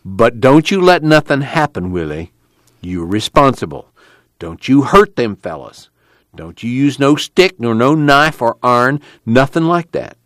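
A man's voice: medium pitch, expressive, unhurried, fairly bright tone, dry recording, pitched above the performer's own voice. A man doing a stern, worried Okie camp leader. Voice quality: earnest, pleading, rural grammar.

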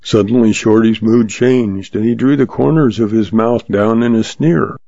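Male audiobook narrator, low and gravelly, steady read, dry booth. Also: normal speed, hardly any pauses, no echo. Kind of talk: scripted narration. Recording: dry, slightly muffled lo-fi.

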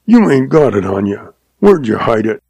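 A man's voice: medium pitch, sing-song, normal speed, darkish tone, no echo, heavily acted. A man doing a snarling greedy banker. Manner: snarling, rasping. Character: greedy, suspicious middle-aged male banker.

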